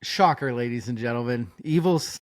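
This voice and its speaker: Jokey host running the show, animated, laughs a lot. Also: medium pitch, moderate pace. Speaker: podcast host. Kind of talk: casual chat.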